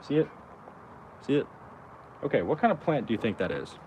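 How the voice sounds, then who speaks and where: A man's voice: medium pitch, big pitch swings, fairly quick, a little mellow, slight background noise. A young adult man rambling about spirituality outdoors, in loose slang full of "like" and "you know" and frequent swearing. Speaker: vlogger. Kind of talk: rambling spiritual musing to camera.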